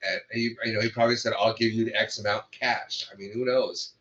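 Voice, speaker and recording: A man's voice: on the low side, flat delivery, brisk, fairly bright tone, dull audio. A man co-hosting a podcast, casually recapping a comedy film's plot and chuckling often. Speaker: podcast co-host. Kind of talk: casual movie review chat.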